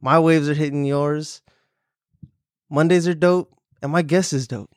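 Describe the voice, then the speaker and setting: Upbeat slangy podcast host, dry sound. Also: male voice, a little high, measured pace, dry recording. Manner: excited, slangy, profane. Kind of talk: casual chat. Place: room in his home.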